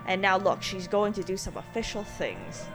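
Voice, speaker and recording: A young woman chatting casually while watching a film, animated and quick to interrupt. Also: medium pitch. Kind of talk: casual movie watch-along chat. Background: film soundtrack music.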